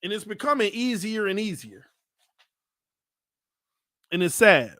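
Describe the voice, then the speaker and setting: A man hosting a sports fan channel, talking in a casual, animated, teasing way and breaking into loud excited hollering. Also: high-pitched, a little slow, no room sound, studio quality. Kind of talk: casual fan commentary vlog.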